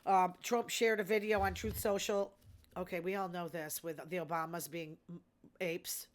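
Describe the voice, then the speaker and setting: A woman's voice: fairly low pitch, steady tone, moderate pace. A middle-aged woman hosting a show, chatting casually and gossiping about reality TV with amused asides. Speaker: podcast host.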